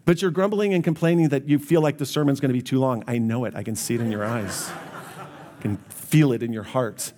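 A man's voice: medium pitch, a little fast, dark tone. A man preaching a sermon as pastor, earnest and speaking directly to his congregation.

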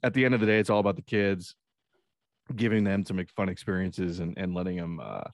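A man's voice: low-pitched, a little fast, no room sound, clean studio sound. A man co-hosting a podcast, telling rambling, profane stories in casual chat and acting out the people in them. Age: adult parent. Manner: rambling, profane storytelling with acted-out quotes. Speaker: podcast co-host.

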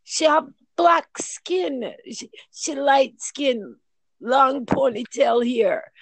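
A woman voicing an angry old Jamaican grandfather who shouts in broken English. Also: sits high, expressive, drawn-out words, creaky, no echo, pitched above the performer's own voice, heavily acted. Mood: indignant.

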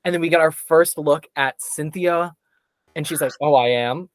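A man's voice: a little high, flat delivery, moderate pace, no room sound. A man chatting casually as a podcast guest, enthusiastic and rambling with fillers. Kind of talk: casual chat.

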